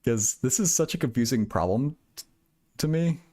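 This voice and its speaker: A young man streams himself solving math and physics problems, chatting casually with viewers about one in physics. His voice is medium-pitched and dark in tone, with lively intonation and a moderate pace. He rambles, giggles self-deprecatingly, and stammers with plenty of repeated words.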